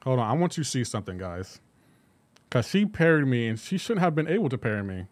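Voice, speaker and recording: A man livestreaming gameplay and chatting with his viewers, animated and incredulous and laughing often. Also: mid-range voice, fast. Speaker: gaming livestreamer. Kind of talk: live gameplay commentary with chat.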